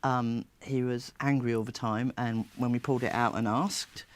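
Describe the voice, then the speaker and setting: A woman, a therapist, telling stories in an interview with a lively, laughing manner. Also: extremely low pitch, moderate pace. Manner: lively, animated storyteller who laughs often. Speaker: therapist and child coach. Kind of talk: storytelling interview.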